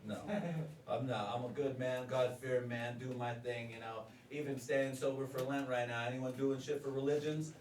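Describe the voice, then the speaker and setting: A stand-up comedian, male, does a crude, profane open-mic set at a live comedy venue with an audience, repeatedly laughing at his own jokes. His mid-range voice is flat at normal speed, recorded distantly in a roomy space with crowd noise.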